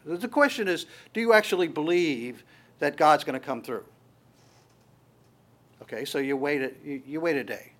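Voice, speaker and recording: A man's voice: on the high side, lively intonation, normal speed, pauses often, a bit bright. Earnest conversational male preacher, raised voice. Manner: conversational preaching, emphatic, frequent restarts. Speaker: pastor. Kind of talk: sermon.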